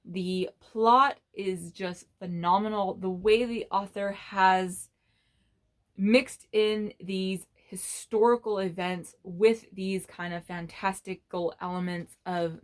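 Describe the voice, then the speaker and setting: Exasperated woman ranting about a book. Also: lowish voice. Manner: blunt, exasperated, swears freely. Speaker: book vlogger. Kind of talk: casual ranting book review.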